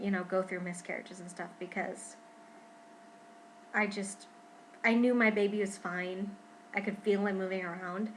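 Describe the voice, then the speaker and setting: A young woman talking casually to her camera at home in a pregnancy vlog, chatty and expressive, often saying "freaking". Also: mid-range voice, a little hiss or hum, poor audio. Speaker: vlogger.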